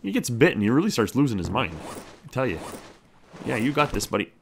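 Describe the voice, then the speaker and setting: A young man giving lively let's-play commentary on a survival game, talking to himself and his character. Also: medium pitch, fast, a little hiss or hum. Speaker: gameplay commentator.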